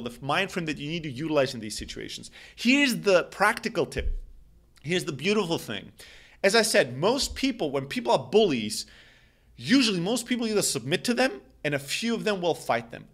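Guy giving sales tips, kinda high voice, really lively, punches the key words. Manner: emphatic, animated, repeats key phrases. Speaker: sales coach. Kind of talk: advice talk to camera.

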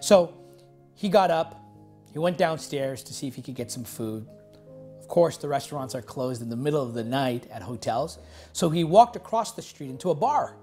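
A male pastor telling a story in a sermon, halting often with fillers and restarts. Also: mid-range voice, lively intonation, dark tone, soft background music.

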